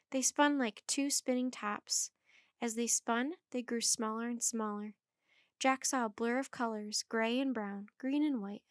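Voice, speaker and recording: A woman reading a children's chapter book aloud in a clear, measured storytelling manner. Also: fairly high pitch, dry recording, clean studio sound.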